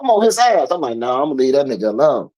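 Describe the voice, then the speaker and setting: A man from the United States in casual street talk, blunt and profane, telling animated stories. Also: mid-range voice, rapid-fire, muffled recording.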